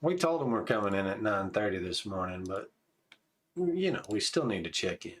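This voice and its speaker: A man's voice: on the low side, very animated, moderate pace, a bit bright, slight background noise. Laid-back man streamer, chatty. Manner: laid-back, chatty, calls out tactics between stories. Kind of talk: casual gameplay commentary.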